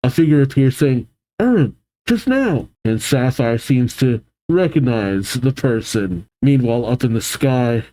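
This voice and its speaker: Guy doing a comic read-along, mellow voice, gets animated and laughs a lot. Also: mid-range voice, a little slow, few pauses. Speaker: comic reaction reader. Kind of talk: reading a comic aloud with reactions.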